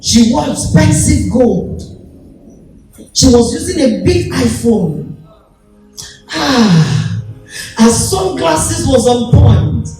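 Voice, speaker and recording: A Nigerian woman apostle preaching a sermon, telling stories and acting out quotes with sudden high shouts. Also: very animated, extremely slow, long pauses. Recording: echoey hall, voice from far off, music behind.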